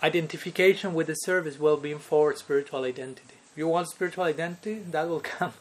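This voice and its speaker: Talking fast in a slightly high voice with fairly even intonation, a man teaches a devotional lecture as a spiritual teacher. He chuckles often between points, and "no?" and "okay?" keep coming up as questions to his listeners.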